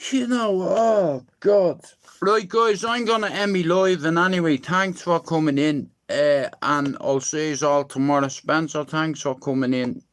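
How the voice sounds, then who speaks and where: Man streaming live, profane mocking rants, drawn-out slow speech. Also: fairly high pitch, steady tone. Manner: crude, mocking, profane ranting.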